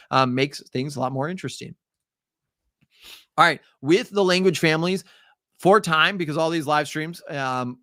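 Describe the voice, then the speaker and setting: A man's voice: mid-range voice, fairly bright tone, no echo, clean studio sound. A man with a Midwestern accent, a teacher giving a chatty, upbeat live-streamed exam review with frequent ums. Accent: Midwestern American.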